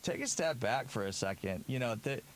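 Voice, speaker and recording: A man's voice: mid-range voice, animated, brisk, slight background noise. A man hosting a casual radio show from a garage studio, rambling with restarts and dry jokes.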